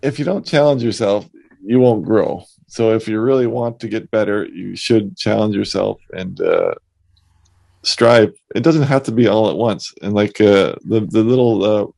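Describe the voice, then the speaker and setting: A man's voice: lowish voice, moderate pace, vocal fry, a little mellow, dry recording. A man co-hosting a podcast about woodcarving, giving easygoing, laid-back advice in casual chat.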